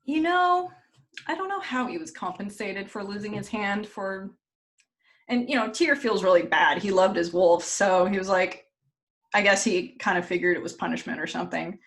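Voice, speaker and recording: A woman's voice: mid-range voice, moderate pace, fairly bright tone. Jokey woman telling a story casually. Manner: loose and jokey, with fillers and profanity. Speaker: podcast host.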